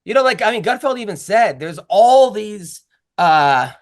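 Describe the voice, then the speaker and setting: Guy hosting a podcast, kinda high voice, rambles and restarts a lot. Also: lively intonation, measured pace. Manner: rambling, with many restarts and fillers. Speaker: podcast host and comedian. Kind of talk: casual podcast chat.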